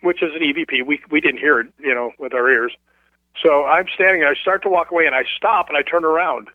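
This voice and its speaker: Animated man on a tinny phone line. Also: a little high, fast talker, no echo. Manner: animated, acts out quoted voices. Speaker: guest telling a ghost story. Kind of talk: casual storytelling.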